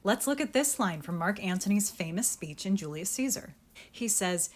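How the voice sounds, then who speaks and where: Lively, animated woman acting coach. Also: mid-range voice, moderate pace. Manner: lively, emphatic, sounds out stress patterns. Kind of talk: explaining Shakespeare verse to camera.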